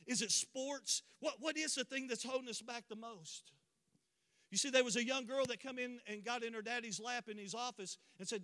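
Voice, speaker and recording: A man preaches with fervor, his voice high-pitched and bright. He builds to emphatic declarations, and the sound rings with the long reverb of a large church hall. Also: normal speed. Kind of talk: sermon. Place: church sanctuary.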